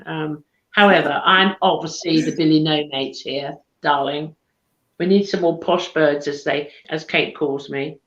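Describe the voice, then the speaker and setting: A woman's voice: deep voice, measured pace, a bit bright. A woman co-hosting a casual live chat show, chatty and teasing, laughing often. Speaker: co-host. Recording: echoey room, dull lo-fi stream audio.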